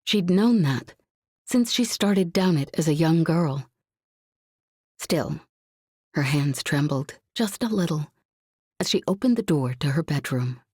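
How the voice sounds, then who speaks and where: A woman narrating a suspenseful science fiction audiobook in a measured, tense reading. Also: low-pitched, animated, a little mellow, breathy edge, no echo, clean studio sound.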